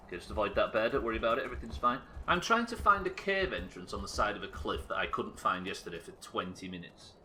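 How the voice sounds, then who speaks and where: A man's voice: lowish voice, lively intonation, fast talker, hardly any pauses, sharp tone, slight background noise. A man giving live gameplay commentary, swearing and joking with his chat. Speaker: streamer.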